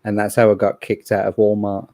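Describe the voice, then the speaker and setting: A man with a Birmingham accent talks in a low, warm voice, trading dry jokes and British slang in a casual livestream chat. The sound is close and dry, with no room around it. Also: monotone, brisk, dry recording. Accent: Birmingham English. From Birmingham, England.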